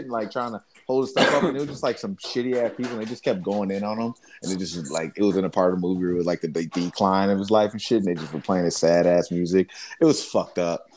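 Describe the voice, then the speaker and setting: A man's voice: sits low, fast talker, hardly any pauses, a little hiss or hum. A man co-hosting a casual podcast chat, telling stories animatedly and acting out voices from prank calls. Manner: animated storyteller, acts out prank-call voices. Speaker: podcast co-host.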